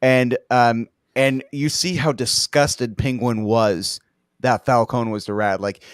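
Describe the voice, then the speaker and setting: Dude talking movies, smooth voice, dry close sound, swears and jokes. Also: male voice, mid-range voice, fairly even intonation, slow pace, dry recording. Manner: loose, profane, jokey. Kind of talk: casual movie discussion.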